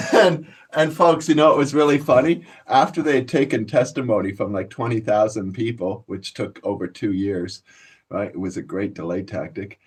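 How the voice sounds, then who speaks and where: A man's voice: fairly low pitch, fairly even intonation, moderate pace, husky. A man, telling boastful, profane stories to his viewers in a casual rant. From Canada. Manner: profane, boastful storytelling, laughs a lot. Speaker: channel host.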